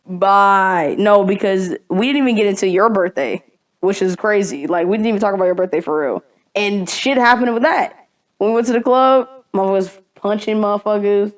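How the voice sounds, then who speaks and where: A young woman hosting a podcast, telling a story in casual chat, animated and profane, laughing often. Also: mid-range voice, normal speed. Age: young adult. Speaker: podcast host.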